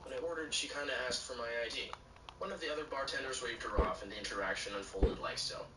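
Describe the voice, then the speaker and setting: A man's computer-generated voice reading short stories aloud in a flat, even way. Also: mid-range voice, quick pace. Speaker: story narrator. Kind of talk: text-to-speech reading of bartender stories. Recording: echoey, distant, noisy.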